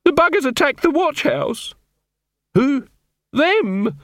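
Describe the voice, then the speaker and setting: A man doing a shrill panicked beat-up guard. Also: very animated, slow, no echo, clean studio sound, full character voice. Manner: shrill, frantic. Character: panicked battered male city guard.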